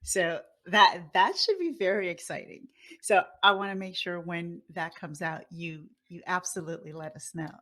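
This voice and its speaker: A woman interviewer in a casual chat, listening encouragingly and responding warmly to her guest's story. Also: on the low side, normal speed. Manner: encouraging listener with short backchannels.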